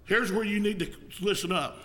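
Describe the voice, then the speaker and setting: A man preaching as an evangelist in a folksy style, now and then rising to a shout and coughing. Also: high voice, a little fast. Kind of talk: sermon.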